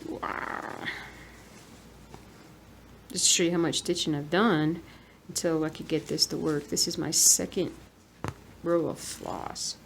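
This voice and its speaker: A woman in her thirties talks while she stitches, rambling gently and dropping to a murmur now and then. Her voice sits low with a gravelly edge. A faint hiss of room noise runs under it. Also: steady tone, normal speed. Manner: soft-spoken, rambling, murmurs to herself while working. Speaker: cross-stitch vlogger. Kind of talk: relaxed stitch-along chat.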